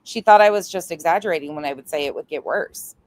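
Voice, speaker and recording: A woman's voice: sits low, fast, a little mellow. A woman doing live stream commentary, blunt and exasperated, swearing freely.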